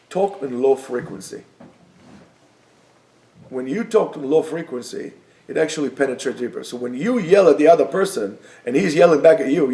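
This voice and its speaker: Male rabbi, sermon class, gravelly higher voice, earnest, emphatic then hushed. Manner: earnest, swings from emphatic to soft and calm. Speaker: rabbi teaching Torah. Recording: echoey room.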